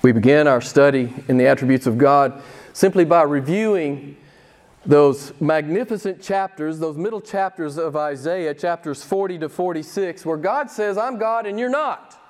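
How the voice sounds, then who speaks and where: A man with a high voice delivers a sermon from the pulpit. He preaches emphatically, pausing for effect and pressing the congregation with rhetorical questions. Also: darkish tone. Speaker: pastor.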